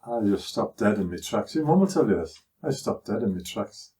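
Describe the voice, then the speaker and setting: A man's voice: fairly low pitch, very animated, a little fast, dark tone, far from the mic. An older man with a Scouse accent telling his son stories from his life in a chatty, anecdotal way. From Liverpool, England. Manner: chatty anecdotal telling, acting out others' voices. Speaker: father recounting his life. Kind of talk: conversational life-story storytelling.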